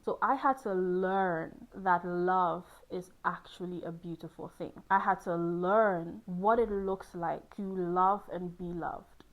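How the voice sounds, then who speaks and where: A woman's voice: mid-range voice, low-quality recording. A young woman hosting, speaking candidly and playfully about love and relationships, laughing often. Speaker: host on a hot seat. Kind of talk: candid personal talk on love.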